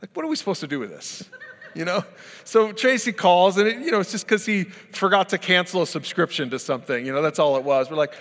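A man's voice: sits high, expressive, a little fast, a bit bright. Conversational man preaching with long reverb. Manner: conversational, storytelling with acted-out quotes. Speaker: pastor. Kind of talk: sermon.

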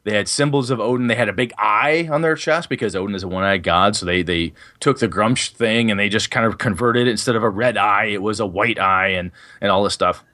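A man hosts a casual tabletop gaming podcast as game master, his fairly low voice pushed and bright, brisk and with few pauses. He rambles, corrects himself mid-thought, and swears casually.

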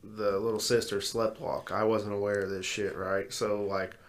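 A man co-hosting a podcast, telling animated, profanity-laced stories in casual chat. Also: on the low side, normal speed. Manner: swears a lot, animated storytelling. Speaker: podcast co-host.

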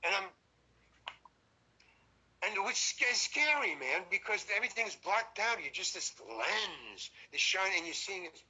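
A man's voice: high-pitched, measured pace, breathy edge, poor audio. An older man, a guest on a show, animatedly telling an anecdote in a casual, profane way. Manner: animated storyteller who swears freely.

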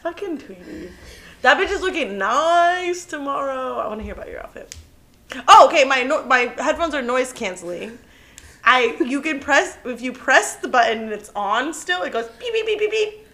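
A woman co-hosting a casual podcast, with a high, bright voice. She is playful and giggly and acts out little sounds as she talks. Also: animated, moderate pace. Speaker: podcast co-host. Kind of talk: casual chat.

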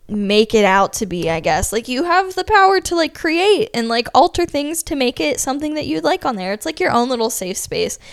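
A woman's voice: fairly high pitch, clean tone, no echo, studio quality. Chatty young woman podcast host. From Ohio. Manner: chatty, upbeat, many "like" fillers. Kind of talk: casual solo podcast monologue.

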